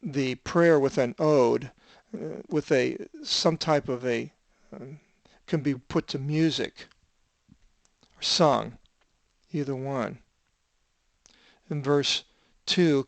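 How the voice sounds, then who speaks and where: An older man, a Bible translator, teaching biblical Greek in a slow, halting seminar, with many fillers as he reads and explains Greek words. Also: mid-range voice, vocal fry, dry recording.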